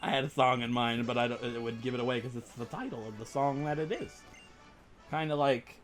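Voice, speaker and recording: A man hosting a let's play, rambling and joking excitedly over his game. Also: mid-range voice, brisk, faint music behind. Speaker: gaming channel host.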